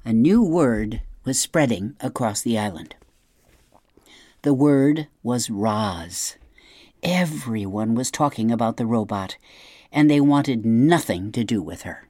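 A narrator reading a children's chapter book aloud in an expressive, lively way. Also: medium pitch, takes it slowly, no echo, clean studio sound. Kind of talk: storybook read-aloud.

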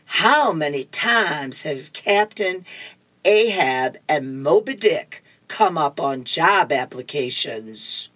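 A woman's voice: deep voice, expressive, takes it slowly, a bit bright, exaggerated voice. A woman reading comics aloud, voicing a schoolboy earnestly lecturing his teacher.

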